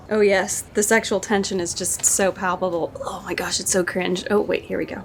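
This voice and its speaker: A woman's voice: lowish voice, flat delivery, normal speed, hardly any pauses, noisy background. A woman casually reviewing a show against the book, sarcastic and exasperated as she reacts.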